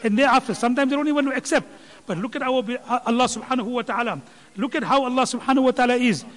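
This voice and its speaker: High-voiced man preaching in a reverberant hall. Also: fast talker, fairly bright tone. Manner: impassioned, rising in pitch and volume when quoting. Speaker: religious speaker explaining a scholar's teaching. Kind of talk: sermon.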